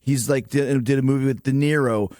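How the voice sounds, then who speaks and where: A middle-aged man with a Canadian accent, chatting as a studio guest on a radio show, animated and laughing often as he acts out quotes. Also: mid-range voice, a little fast, no room sound. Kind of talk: casual radio interview chat.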